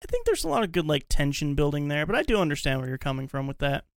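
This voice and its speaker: A man hosts a relaxed podcast chat and jokes easily. His voice is gravelly and swings widely in pitch. The sound is close and dry, with no room around it. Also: quick pace, dry recording. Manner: laughs often, lively and jokey. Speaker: podcast host. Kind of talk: casual chat.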